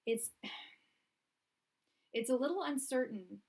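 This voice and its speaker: A young woman gives a live tarot reading, projecting her voice loudly so it carries. Her high, expressive, slightly rough voice draws out words as she chats and rambles with lots of fillers and restarts.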